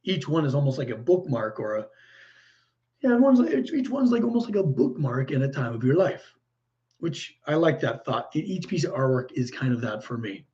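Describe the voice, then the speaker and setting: A man's voice: mid-range voice, sing-song, fairly quick, warm tone. A man hosting a livestream, chatting casually with viewers and reacting to their comments, chatty and easily delighted. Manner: chatty and easily delighted, frequent exclamations and laughs. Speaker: livestream host. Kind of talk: casual live chat reading viewer comments. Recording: muffled lo-fi stream audio.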